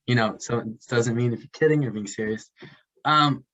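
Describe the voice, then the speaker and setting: A man co-hosting a casual advice chat, halting and searching for words as he explains. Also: mid-range voice, a bit bright. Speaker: podcast co-host. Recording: dull lo-fi sound.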